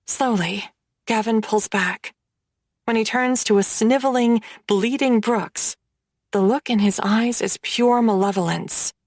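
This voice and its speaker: A woman reading a dark romance audiobook in first person, with dramatic storytelling. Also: on the high side, measured pace, no echo, studio quality. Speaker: audiobook narrator.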